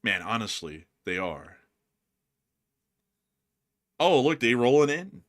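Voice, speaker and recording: A man's voice: medium pitch, slow, long pauses. A man co-hosting a casual news commentary stream, joking over war video clips and slipping into silly voices. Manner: animated, jokey, bursts into silly voices and laughs.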